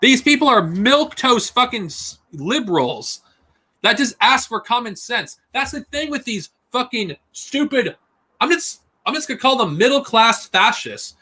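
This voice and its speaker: A man's voice: very high-pitched, big pitch swings, moderate pace, sharp tone, husky. A man ranting angrily and profanely on a live stream. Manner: angry profane ranting, mocking put-on whines.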